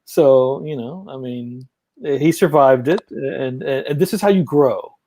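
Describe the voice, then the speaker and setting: Stream co-host with a mellow, dry voice, rambling and loose. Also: medium pitch, measured pace, dry recording. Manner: rambling, many fillers and restarts. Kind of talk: live-stream hosting.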